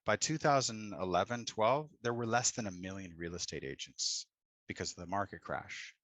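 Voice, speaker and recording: A man's voice: lowish voice, animated, normal speed, fairly bright tone, no echo. A middle-aged man coaching real estate agents live over a video call, blunt and profane with pep-talk energy.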